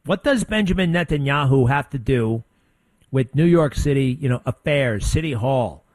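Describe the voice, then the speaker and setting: Blunt, combative talk radio host. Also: male voice, medium pitch, expressive, normal speed, darkish tone, no room sound. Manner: blunt, combative, rambling with restarts. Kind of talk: opinionated talk radio monologue.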